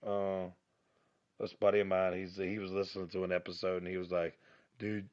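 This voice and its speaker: A man with a raspy voice and a slight twang, hosting a podcast as a rambling, profane, self-mocking solo rant recorded on his phone. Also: sits low, monotone, brisk, a little mellow, highs cut off. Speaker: podcast host.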